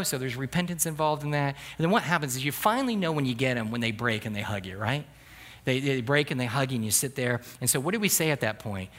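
A man's voice: mid-range voice, lively intonation, quick pace, fairly bright tone. A middle-aged man preaching a sermon as a pastor, telling humorous stories with asides to the congregation.

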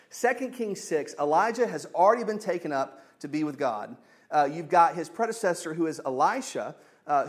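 A man, teaching a conversational sermon as pastor and acting out the quoted voices. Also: a little high.

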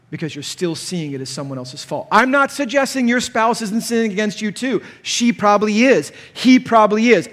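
A conference sermon comes from a pastor with a voice high for a man, heavily echoed by the large hall's long reverb. Animated throughout, he grows loud and sharp when acting out the people he quotes.

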